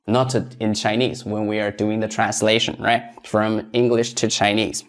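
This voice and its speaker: A man teaches a grammar lesson in a methodical, step-by-step way. He asks the learner questions, then says each example sentence slowly twice so it can be copied. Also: fairly low pitch, level tone. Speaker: Chinese language teacher.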